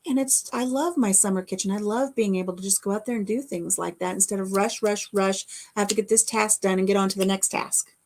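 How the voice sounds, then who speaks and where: A woman's voice: mid-range voice, fairly even intonation, fairly quick, hardly any pauses, darkish tone. A middle-aged woman from the American Midwest, chatting casually with a live audience on her vlog and answering viewer comments. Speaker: vlogger.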